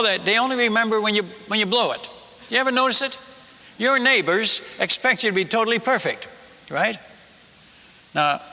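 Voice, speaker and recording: A male missionary preacher telling a story in a sermon, animated and self-mocking, with frequent halting restarts. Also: high voice, long reverb tail.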